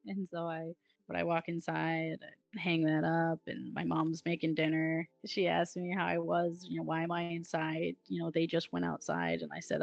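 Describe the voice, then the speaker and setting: A woman telling her own story in a casual, chatty way, full of "like" fillers and quick giggles, on a slightly dull, lo-fi recording. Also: deep voice, level tone, vocal fry, no room sound. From Wisconsin, USA. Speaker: guest telling her near-death experience. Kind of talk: casual first-person storytelling.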